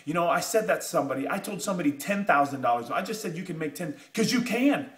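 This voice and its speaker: A man giving a motivational pitch, emphatic and repetitive, pushing his points with rising urgency. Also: animated, fast, echoey room. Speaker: motivational speaker.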